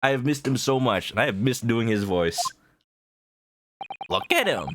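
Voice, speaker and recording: A man's voice: mid-range voice, animated, moderate pace, long pauses, background noise. A young adult man streaming a game, chatting playfully as he reads along. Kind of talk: gameplay commentary.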